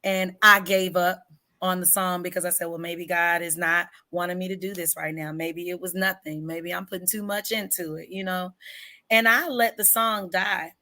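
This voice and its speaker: Bright, tense-edged woman singer-songwriter as guest, candid and emphatic storyteller, leans on key words. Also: on the low side, fairly even intonation. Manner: earnest and emphatic, drawn-out words for stress; candid about hard personal struggles. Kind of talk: personal storytelling in an interview.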